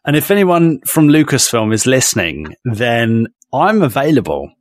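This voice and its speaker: Lively-voiced podcast co-host. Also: male voice, mid-range voice, no echo. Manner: playful, effusive, quick to laugh. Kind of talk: casual podcast chat.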